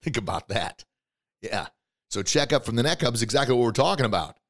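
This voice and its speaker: Hosting a motivational podcast, a man coaches his listeners directly, full of excitement and breaking into bursts of emphatic shouting. His voice sits in the mid range and moves at a brisk clip.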